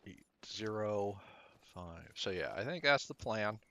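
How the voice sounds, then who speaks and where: Gravelly low-voiced man streaming a game. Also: lively intonation, measured pace, pushed and bright, a little hiss or hum. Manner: rambling, chatty, thinks aloud; mutters at the game. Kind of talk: casual game stream chat.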